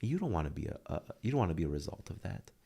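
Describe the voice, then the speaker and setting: A man in his thirties talks about hard times in an earnest, heartfelt way. His voice is very deep with a gravelly fry, and it often softens nearly to a whisper. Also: big pitch swings, very fast. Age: 30s. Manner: earnest, heartfelt, drops to a near whisper at tender moments. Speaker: podcast guest. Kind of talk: emotional interview talk.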